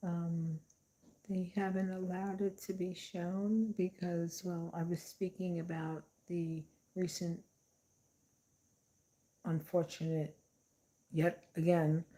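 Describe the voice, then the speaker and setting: A middle-aged woman with a fairly low voice talks slowly and unhurriedly as a vlogger. She rambles through her commentary with a sarcastic edge, circling back with fillers and side remarks. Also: mellow. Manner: sarcastic, meandering, many fillers.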